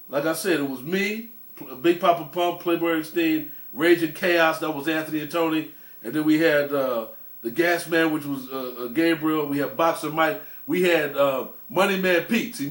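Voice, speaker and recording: A man's voice: a little high, a bit bright. A man telling profane, swaggering stories in casual talk, with many restarts and laughs at his own tales. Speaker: storyteller host. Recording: roomy echo.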